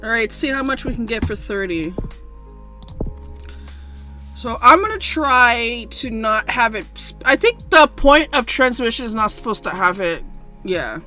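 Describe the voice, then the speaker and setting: A young woman streaming a strategy game, cursing a lot and going from loud frustrated outbursts to quiet rambling explanations. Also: a little high, animated, unhurried. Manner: swears often, swings from shouting rage to mumbled explaining. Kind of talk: casual gameplay commentary. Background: faint background music.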